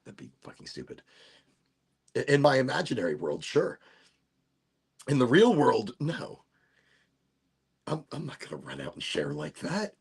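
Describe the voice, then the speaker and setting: A middle-aged man hosting a livestream, chatting casually while high, rambling, laughing and making fun of himself. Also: huge pitch swings, a little slow, long pauses, breathy edge. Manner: rambling, laughing, self-mocking. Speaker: livestream host.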